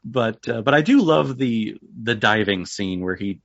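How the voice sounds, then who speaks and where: A man guesting on a casual podcast, recapping a movie in a relaxed way and chuckling often. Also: on the low side, unhurried, creaky, dry recording. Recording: dry, dull lo-fi remote audio.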